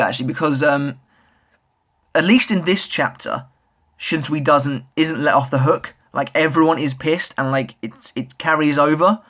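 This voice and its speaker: A young man with a fairly high, slightly bright voice reviews a manga chapter like an eager fan. He rambles casually and enthusiastically, full of fillers and restarts.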